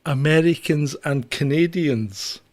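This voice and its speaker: A man's voice: fairly high pitch, unhurried. A man co-hosting a casual comedy news podcast, laughing often and rambling through asides. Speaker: podcast co-host. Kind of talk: casual banter.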